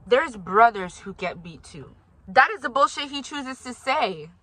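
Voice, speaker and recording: A woman's voice: a little high, lively intonation, unhurried, fairly bright tone, low-quality recording. A young woman vlogging, talking straight to her viewers in emphatic, indignant commentary. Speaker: vlogger reacting to her own recording. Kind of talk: heated commentary.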